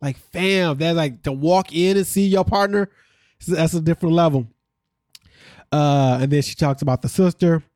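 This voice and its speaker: A man's voice: a little high, normal speed, darkish tone, dry recording, studio quality. A man co-hosting a podcast, casually recapping episode events in a storytelling way and laughing often. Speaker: podcast co-host.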